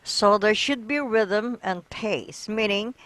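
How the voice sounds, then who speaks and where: Woman, English teacher, patient coaching, mid pitch, dry close sound. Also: slow pace, fairly bright tone, no echo. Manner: patient, checks in with "okay?" and "right?". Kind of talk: coaching a learner through reading.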